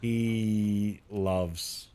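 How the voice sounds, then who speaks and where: A man's voice: very slow, soft background music. A man live-streaming a game, chatting casually with viewers, greeting them by name and laughing and swearing easily. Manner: chatty, greets viewers by name, bursts of excited rising pitch.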